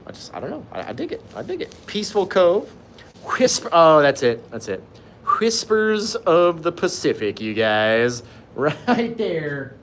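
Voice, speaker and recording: A man's voice: on the high side, echoey room, far from the mic, slight background noise. A man in his forties hosting a live painting lesson, enthusiastic and playful as he reads viewers' comments aloud and jokes with them. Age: 40s. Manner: enthusiastic and playful, joking and gushing. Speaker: painting instructor and live stream host. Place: painting studio.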